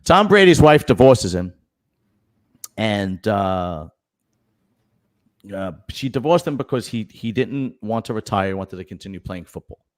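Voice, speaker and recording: A man's voice: on the low side, expressive, unhurried, long pauses. A male podcast host chatting casually about news stories, rambling with lots of fillers and restarts and telling jokes for donors. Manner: tells jokes read out for viewer donations.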